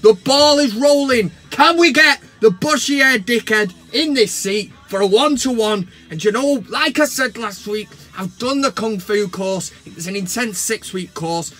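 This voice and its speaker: A man hosting a comedic football vlog, ranting in a mocking, sweary, excitable way. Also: sits high, measured pace, few pauses. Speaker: vlog host. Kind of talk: casual comedic football rant.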